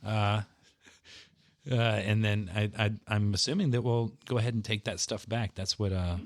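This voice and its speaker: A man's voice: lowish voice, steady tone, normal speed, no echo, studio quality. A congested man playing a tabletop game, speaking politely with frequent stammered restarts. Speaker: player.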